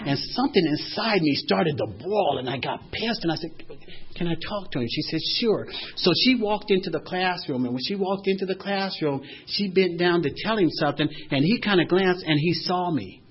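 Animated man telling a personal story. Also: high voice, brisk, few pauses, muffled recording. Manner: animated, swings from loud to hushed.

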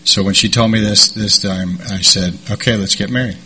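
A middle-aged man sharing a recovery story in a rambling, halting way, with many fillers. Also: fairly low pitch, fairly even intonation, bright, forceful tone, a little hiss or hum. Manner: rambling, halting delivery with repeated "and, uh". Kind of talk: personal storytelling talk.

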